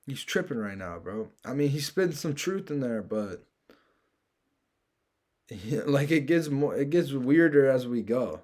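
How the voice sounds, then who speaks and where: A man's voice: medium pitch, animated, a little slow, darkish tone. A man hosting a reaction video, talking casually to viewers in easygoing slang with chuckles between remarks. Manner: laid-back, slangy, chuckling, speaking to viewers. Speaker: reaction channel host.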